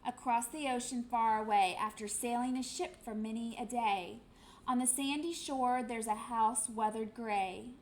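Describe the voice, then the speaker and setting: A woman's voice: on the high side, fairly even intonation, measured pace. Woman doing a friendly mother sled dog.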